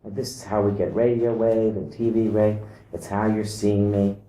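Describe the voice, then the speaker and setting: A man giving a calm explanatory talk to camera. He mimics vibrations by singing short "da" syllables. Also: fairly low pitch, moderate pace, roomy sound, slight background noise, rough recording. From outside Iceland.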